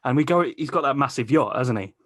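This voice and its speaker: A man's voice: mid-range voice, lively intonation, fast talker, a bit bright, no echo, clean studio sound. A man hosting a podcast, telling a long rambling story in casual chat, swearing freely and laughing mid-sentence. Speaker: podcast host.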